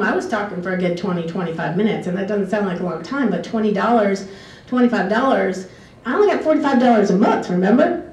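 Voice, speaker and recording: Woman, casual storytelling, rambling and tangent-prone, mid pitch, roomy echo, mic far off. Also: darkish tone. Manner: chatty, goes off on tangents, laughs often. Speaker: former exchange student telling stories. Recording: echoey room, distant mic, faint background hiss.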